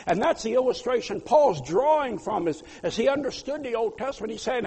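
Impassioned preacher with a gravelly voice. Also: male voice, extremely high pitch, expressive, brisk, hardly any pauses. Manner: impassioned preaching, swinging from loud pleas to quiet asides. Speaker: pastor. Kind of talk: sermon. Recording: long hall reverb.

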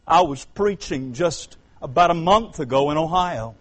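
Man, Southern US accent, preacher, husky voice, quiet stories rising to loud preaching. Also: lively intonation, moderate pace, poor audio. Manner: swings from quiet storytelling to loud high-pitched preaching. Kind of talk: revival sermon.

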